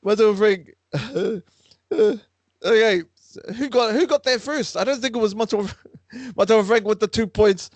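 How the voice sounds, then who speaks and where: A man hosting a lively quiz for a class, playful and teasing with frequent laughter. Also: high-pitched, unhurried, no room sound. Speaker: online class quiz host.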